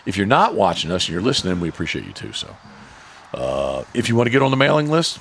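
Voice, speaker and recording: Male podcast host, fairly low and gravelly, loose rambling ad reads, light background noise. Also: sing-song, fast, fairly bright tone. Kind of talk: casual podcast chat with ad reads.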